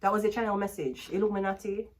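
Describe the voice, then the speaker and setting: This is a Jamaican woman in the middle of a relaxed tarot reading, her voice sitting at an ordinary middle pitch. She is outspoken and crude, laughs easily, and wanders into long patois-flavored tangents between the cards. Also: quick pace, slight background noise. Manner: blunt, profane, laughs often, patois-heavy storytelling. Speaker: tarot reader.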